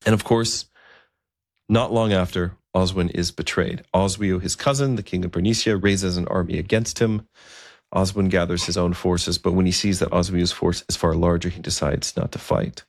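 Deep gravelly guy retelling an old story, laid back with little asides, dry close sound. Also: moderate pace, dry recording. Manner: relaxed, with fillers and asides. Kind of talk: conversational storytelling.

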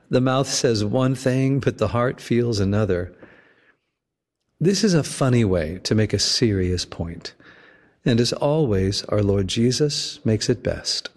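A man delivering a sermon as a pastor, slow and measured with deliberate emphasis. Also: mid-range voice, lively intonation, darkish tone, long reverb tail.

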